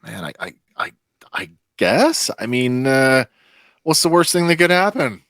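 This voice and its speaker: A man playing a tabletop game, excitable and chatty, often restarting his sentences. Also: mid-range voice, a little slow, dry recording. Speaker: player. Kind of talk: casual tabletop game chat.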